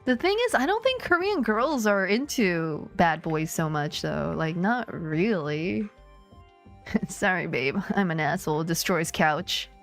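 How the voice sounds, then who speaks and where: A woman's voice: fairly low pitch, animated, takes it slowly, soft background music. A woman streamer telling a story in casual chat, swearing freely and laughing often.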